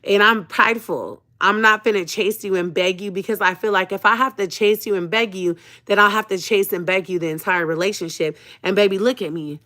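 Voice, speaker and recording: A woman vlogger telling a personal story to her live viewers, dramatic and animated, punctuating lines with an emphatic "okay?" and calling them sis. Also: medium pitch, brisk, hardly any pauses. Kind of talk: emotional personal storytime chat.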